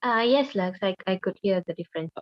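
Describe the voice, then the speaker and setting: A woman's voice: mid-range voice, lively intonation, a little fast, lo-fi sound. A woman taking part in an online class, answering briefly and hesitantly over a video call.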